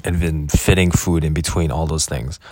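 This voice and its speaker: Low-voiced young man rambling through a travel diary. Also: fairly even intonation, moderate pace, a little mellow, no room sound. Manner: rambling, self-correcting, many fillers. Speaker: travel vlogger. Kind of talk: casual spoken travel diary.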